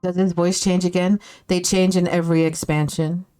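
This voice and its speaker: A woman's voice: lowish voice, little pitch movement, moderate pace, mellow, smooth, soft background music. A woman streaming a video game, chatting casually, reacting aloud and swearing now and then. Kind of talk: casual live-stream commentary.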